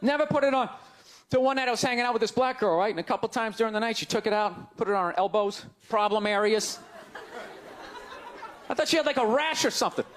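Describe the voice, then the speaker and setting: A man doing a stand-up comedy set on stage, ranting loudly and jabbing sarcastically at the audience. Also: high voice, quick pace, a faint crowd.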